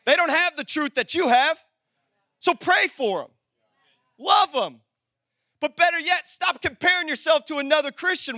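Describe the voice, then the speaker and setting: A man preaching a sermon as pastor, animated, calling out to the congregation, then dropping into low conversational asides. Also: normal speed, dry recording, studio quality. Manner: talks to the congregation directly, conversational.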